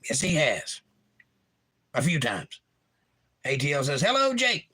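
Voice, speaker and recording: A man's voice: on the high side, wildly swooping pitch, measured pace, sharp tone, breathy edge. A man hosting a livestream in a casual way, reading viewers' chat messages aloud and adding wry asides. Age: young adult.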